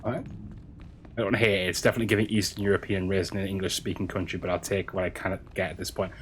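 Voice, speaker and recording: A man streaming a game, chatting casually with his audience in a halting way, with frequent restarts. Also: deep voice, flat delivery, slight background noise. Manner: halting, chatty, many restarts, answering chat. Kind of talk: casual stream chat while gaming.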